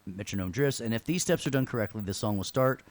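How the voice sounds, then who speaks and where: A man's voice: medium pitch, animated, fast, no echo. A man teaching a casual online class, loose and joking, who keeps checking in with his students by asking "right?". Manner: checks in with frequent "right?" tag questions; loose and joking, with sarcastic asides. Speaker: instructor.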